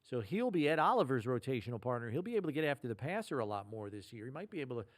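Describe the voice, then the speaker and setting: A man's voice: mid-range voice, racing, no echo, studio quality. A man co-hosting a sports podcast, quizzing his partner and talking roster moves. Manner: lively quizmaster, reads ad copy. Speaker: podcast co-host. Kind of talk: sports podcast quiz and chat.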